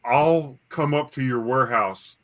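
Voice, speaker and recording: A man co-hosting a casual chat, joking with his friend in a halting way. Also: mid-range voice, a bit bright, slight background noise. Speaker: co-host.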